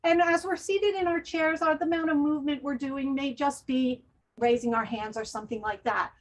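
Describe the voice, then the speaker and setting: A woman's voice: high voice, fairly even intonation, normal speed. Woman leading laughter yoga exercises. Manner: leads breathing and forced laughter exercises. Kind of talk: guided wellness presentation.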